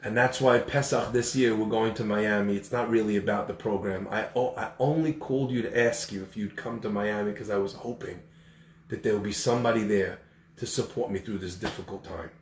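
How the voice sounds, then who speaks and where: A man's voice: on the low side, a little fast, a little hiss or hum. A man telling a story in a sermon, acting out the people in it. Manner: animated storyteller acting out voices. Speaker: speaker giving a talk. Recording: echoey room, far from the mic.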